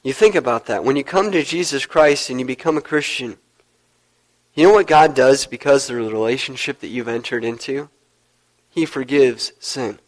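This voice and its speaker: A man preaching a sermon as pastor, telling a story earnestly and dropping low to stress his points. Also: moderate pace, low-quality recording.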